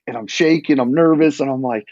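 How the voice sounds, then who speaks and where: A man telling a hunting story in a casual, animated and rambling way, full of restarts. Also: medium pitch, brisk, no room sound. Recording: dull lo-fi sound.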